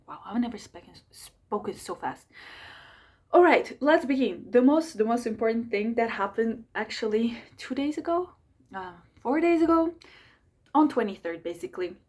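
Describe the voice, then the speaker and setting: Fast-talking young woman astrologer. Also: a little high. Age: young adult. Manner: rapid, energetic and chatty, with many fillers. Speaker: astrologer and channel host. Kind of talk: fast casual monthly horoscope talk to camera.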